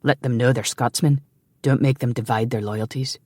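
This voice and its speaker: A man voicing a proud, scheming Scottish man who speaks low, heavily and with a sneer. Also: steady tone, normal speed, a little mellow, no room sound, clean studio sound, close to an everyday voice. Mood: pleading.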